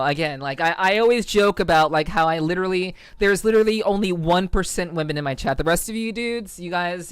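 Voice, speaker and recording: A woman's voice: on the low side, clear, resonant tone, no echo. A woman from the United States, a VTuber streamer, chatting casually with her live viewers, greeting them by name and rambling through loose tangents.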